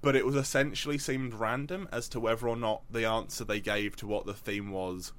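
A young man co-hosting a podcast in relaxed, casual chat. He rambles from tangent to tangent, stacking up fillers and false starts as he tells his stories. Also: fairly low pitch, brisk. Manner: rambling, tangent-prone, with many fillers and restarts. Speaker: podcast co-host.

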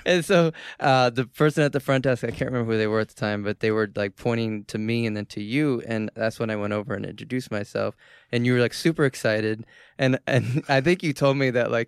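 A man from Boston co-hosting a casual podcast, telling stories in an animated way with plenty of fillers. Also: medium pitch, a little fast, clear, resonant tone, dry recording, clean studio sound. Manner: animated storyteller, many fillers.

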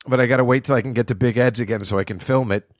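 Very fast and steady in tone, a middle-aged man's medium-pitched voice drives a loose solo podcast monologue. He swears freely, rambles, and chuckles at his own bits, recorded close and dry without room sound.

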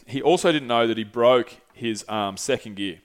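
Young guy telling a travel story, swears a lot, lots of likes and ums, mid-pitched. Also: moderate pace. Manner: profane, rambling anecdote with frequent fillers. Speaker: podcast host. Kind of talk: casual solo storytelling.

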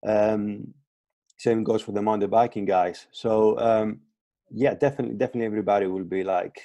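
Joining a casual podcast interview by remote call, a fitness coach guest speaks briskly in a low, mellow, steady voice, hesitating and restarting often and repeating words. The recording is muffled with no echo, and the line breaks up.

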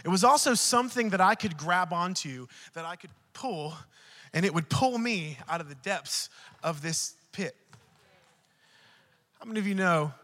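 High, bright-voiced preaching man. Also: in a large hall. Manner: shifts between loud preaching and quiet storytelling; acts out dialogue in his stories. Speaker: pastor. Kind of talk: sermon with storytelling.

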